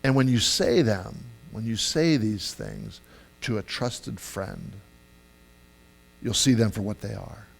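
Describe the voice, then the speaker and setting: A man preaching a sermon in a lively, conversational way, acting out quoted voices with sudden loud bursts. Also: lowish voice, slow, vocal fry. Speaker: pastor.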